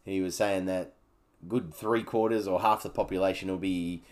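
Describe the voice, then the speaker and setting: Low-voiced Australian man, casual podcast. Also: fairly even intonation, moderate pace. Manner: rambling, frank, swears freely. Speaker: podcast host. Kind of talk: casual solo podcast chat.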